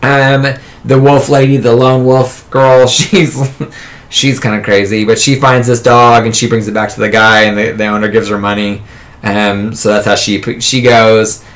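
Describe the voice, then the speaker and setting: A man's voice: fairly low pitch, level tone, moderate pace, fairly bright tone. A man co-hosting a casual comic book podcast, rambling through a plot recap with lots of fillers and laughter. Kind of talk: casual chat.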